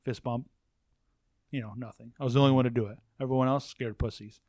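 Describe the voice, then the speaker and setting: A man's voice: medium pitch, steady tone, fast talker, a little mellow, no room sound, clean studio sound. A man in casual chat, telling rambling stories full of swearing and quoted asides. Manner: profane, rambling storyteller.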